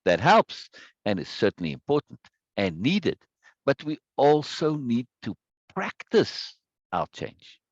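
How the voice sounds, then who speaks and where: A man's voice: medium pitch, very animated, slow pace, no room sound, highs cut off. A man teaching a live online self-help course, stressing points by repeating words and reading viewers' chat aloud. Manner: greets viewers by name from chat.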